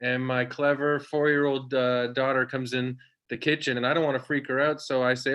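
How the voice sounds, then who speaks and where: Man, thirties, stand-up comedian, rambling, self-deprecating, filler-heavy, middling pitch, video call from home. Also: level tone, normal speed, a bit bright. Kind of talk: stand-up set on a livestream.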